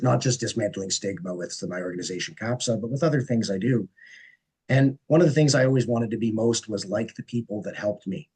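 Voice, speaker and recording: A man moderating a discussion panel, his voice low-pitched and husky. He introduces each guest earnestly and personally, often ending a thought with a questioning "eh?". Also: poor audio. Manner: warm, earnest, personal introductions with frequent "eh?" tags.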